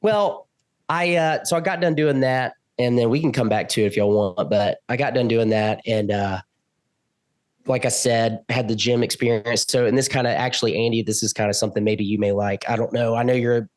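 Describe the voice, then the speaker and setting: A man telling a story as a podcast guest, acting out the quoted lines with big jumps in pitch. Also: fairly quick. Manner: animated, acts out quotes with loud jumps in pitch. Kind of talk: casual storytelling.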